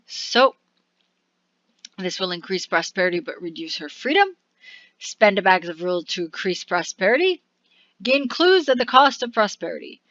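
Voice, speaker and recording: A woman hosting a let's play, reading the game's text aloud slowly and muttering asides about her choices. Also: mid-range voice, big pitch swings, a bit bright, dry recording, muffled recording. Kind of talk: game commentary reading on-screen text aloud.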